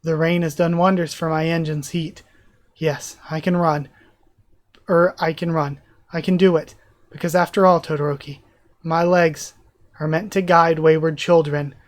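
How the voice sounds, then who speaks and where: A man's voice: fairly high pitch, level tone, moderate pace, close to an everyday voice. A man voicing an earnest, determined teenage boy hero with a formal, resolute manner while reading a comic aloud.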